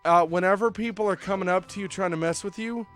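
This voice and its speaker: Young male streamer, slightly high voice, loose joking ramble, soft game music in the background. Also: quick pace. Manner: rambling, joking, many fillers. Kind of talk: casual chat while streaming a game.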